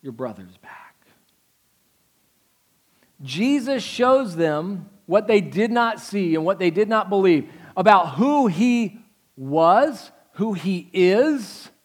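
A man preaching a sermon as pastor, animated and conversational, acting out quotes from the story. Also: sits high, takes it slowly.

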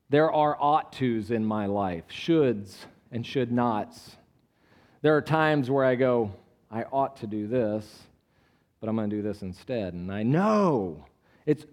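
A pastor with a mid-range voice preaches a conversational sermon, frequently putting questions to the congregation. He moves between quiet asides and a raised voice when reading scripture.

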